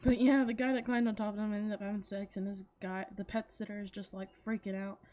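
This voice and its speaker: A woman's voice: medium pitch, little pitch movement, quick pace, dark tone, muffled recording. Rambling giggly woman retelling a story. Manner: rambling, giggly, swears freely, many likes and restarts. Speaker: anime reviewer. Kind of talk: casual chatty plot retelling.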